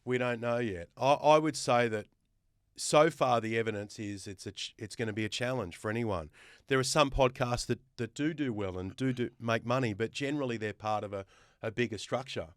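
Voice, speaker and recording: A man's voice: mid-range voice, brisk, no room sound, studio quality. An Australian man guest hosting a podcast chat, making emphatic points and building them up with lists. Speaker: guest host.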